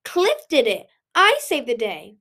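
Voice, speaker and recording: A woman's voice: steady tone, measured pace. A woman voicing a tiny, tearful and indignant dragon prince in a storybook reading. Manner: high, childish protest.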